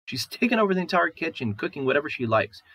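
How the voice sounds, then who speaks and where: A man reading aloud and voicing a distraught young wife, shrill and aggrieved, pleading through tears. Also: big pitch swings, fast talker, sharp tone, exaggerated voice, rough recording.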